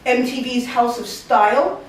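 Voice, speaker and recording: A woman's voice: fairly high pitch, measured pace, slight background noise. A Puerto Rican woman in her forties telling a comic story live on stage, acting out the voices of the people in it. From Puerto Rican family. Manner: animated, comic, acts out quoted voices. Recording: echoey room, mic from a distance.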